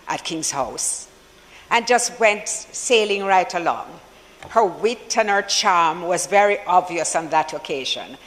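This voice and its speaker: Slow, solemn Jamaican senator in a chamber. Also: mid-range voice, fairly bright tone, in a large hall, low-quality recording. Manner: slow, measured and solemn, with deliberate pauses. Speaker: opposition senator. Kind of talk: formal tribute speech in parliament.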